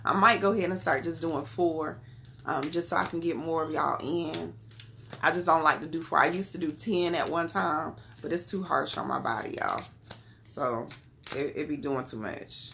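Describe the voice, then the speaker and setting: A woman's voice: sits low, moderate pace, creaky, a bit bright, a little hiss or hum. A woman with a Southern US accent, chatting casually with viewers on a live stream while reading tarot cards, calling them y'all and beloved. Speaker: tarot card reader.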